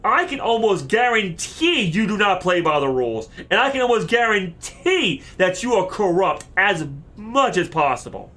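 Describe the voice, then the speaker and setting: A man streaming a game, giving heated, animated commentary full of cursing. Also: sits high, moderate pace, hardly any pauses. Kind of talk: let's play commentary.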